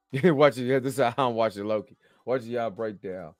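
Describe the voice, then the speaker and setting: A worn-out man talks through a TV episode in a loose, slangy ramble, checking in with his viewers again and again. His voice sits at an ordinary middle pitch and sounds close and dry, with faint music underneath. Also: a little mellow, dry recording. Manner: rambling, slangy, chatty, keeps asking "you know what I'm saying". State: tired, yawning after a long work shift. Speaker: show host reviewing a TV episode. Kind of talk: casual video review.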